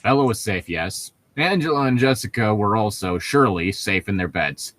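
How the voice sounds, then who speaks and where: A man in casual chat with a very lively, swooping pitch, trading sarcastic jokes and laughing often. His voice is close and dry, with no room sound around it. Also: moderate pace, no room sound. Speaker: podcast co-host reading aloud. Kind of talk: casual joking group reading.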